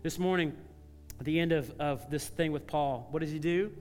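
A male pastor preaching a sermon, telling stories in a conversational way and dropping to soft, earnest tones. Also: on the high side, moderate pace, big-room sound, faint music behind. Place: church sanctuary.

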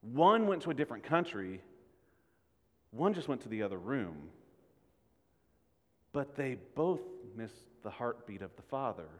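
A man's voice: mid-range voice, very animated, unhurried, pauses often. A man delivers a sermon in an earnest, questioning manner, turning to his listeners again and again. His voice rings with a long reverb in the room. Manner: earnest, rhetorical questions to the congregation. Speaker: preacher.

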